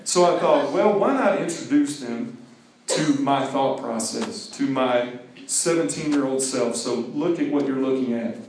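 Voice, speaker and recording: A middle-aged man from Mississippi giving a lively, joking talk to teenagers, acting out movie scenes. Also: mid-range voice, measured pace, a little hiss or hum. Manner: animated, jokey, acts out movie scenes and sings snatches. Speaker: speaker to a teen group. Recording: echoey hall from far off.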